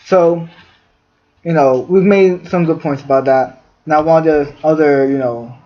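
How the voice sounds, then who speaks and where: A podcast host with a slightly high voice and measured pace reads definitions aloud from a fact sheet during a podcast discussion. He uses many fillers, and the recording sounds dull and lo-fi.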